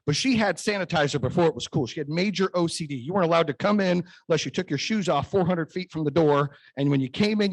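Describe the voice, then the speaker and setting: Husky man giving a motivational talk. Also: on the high side. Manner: storytelling, emphatic, punchy repeated phrases. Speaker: keynote speaker. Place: event stage.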